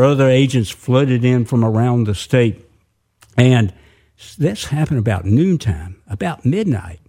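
Gravelly male storyteller. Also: mid-range voice, warm tone. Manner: vivid, with sound effects and asides to listeners. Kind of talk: dramatic oral storytelling.

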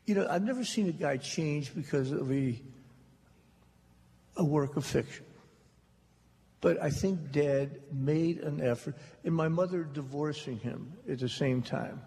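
An American man tells dry, funny family stories to a live audience and acts out the voices in them. His voice is gravelly and pitched a touch high, and he takes his time. The archival recording carries the long reverb of a large hall. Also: unhurried, warm tone. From United States. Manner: wry, dry storyteller, acts out quotes. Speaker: author telling stories on stage. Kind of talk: humorous anecdotal storytelling to a live audience.

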